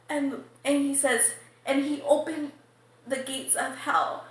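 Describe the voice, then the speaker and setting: Woman with a high voice telling her dream slowly, lots of ums and restarts. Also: fairly even intonation, fairly bright tone. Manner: hesitant, many fillers and restarts. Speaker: interviewee giving a testimony. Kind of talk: recounting a religious dream. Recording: very echoey room.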